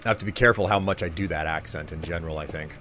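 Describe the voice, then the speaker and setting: A man's voice: sits low, very fast, a little hiss or hum. A male streamer talking casually to his chat while gaming, rambling and friendly toward viewers. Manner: rambling, chatty, warmly addresses viewers.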